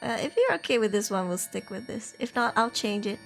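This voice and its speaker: Bubbly, lively woman streamer over music. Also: mid-range voice, a little fast, creaky. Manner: bubbly, giggly, slangy and self-teasing. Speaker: livestream host reading horror stories. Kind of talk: casual livestream chat. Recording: horror background music under the voice. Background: background music.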